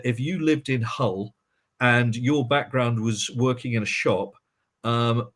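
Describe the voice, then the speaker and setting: Male co-host, chatty. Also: medium pitch. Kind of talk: casual live-stream chat.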